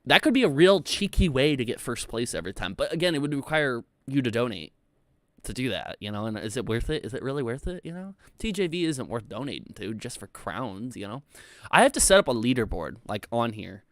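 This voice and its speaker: A man's voice: medium pitch, big pitch swings, brisk, fairly bright tone, no room sound, clean studio sound. A young man hosting a casual livestream, rambling loosely and reading chat messages aloud with plenty of filler words. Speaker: livestream host.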